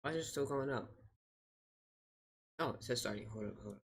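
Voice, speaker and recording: A man's voice: medium pitch, brisk, creaky, slightly rough. A man streaming storm coverage, talking casually to himself and exclaiming as he reacts. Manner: excitable, thinking aloud, exclaiming. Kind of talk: casual live commentary.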